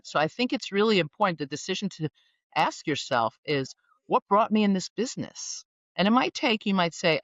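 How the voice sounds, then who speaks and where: A woman executive coach talking on a podcast, animated and playful, fond of wordplay. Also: deep voice, no room sound, dull audio. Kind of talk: conversational podcast interview.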